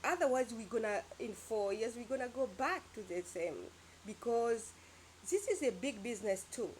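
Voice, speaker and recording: A woman's voice: on the high side, lively intonation, normal speed, slight background noise. Rambling, emphatic woman vlogger. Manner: emphatic, rambling, with sound-effect words. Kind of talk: casual opinion monologue.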